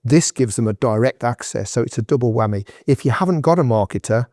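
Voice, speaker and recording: A man's voice: mid-range voice, expressive, fairly quick, darkish tone, no echo, studio quality. A man being interviewed on a podcast, giving advice in a direct, emphatic, conversational way. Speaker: guest entrepreneur.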